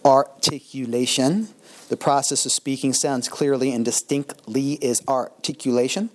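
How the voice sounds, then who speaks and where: Older man lecturing a class casually. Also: medium pitch. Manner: conversational, with pauses and restarts, lively swings in loudness. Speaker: instructor.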